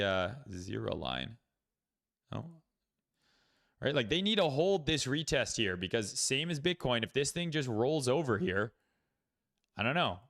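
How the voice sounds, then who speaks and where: Blunt, profane trading host. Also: male voice, mid-range voice, a bit bright. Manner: blunt, profane, thinks aloud with many fillers. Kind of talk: casual livestream market commentary.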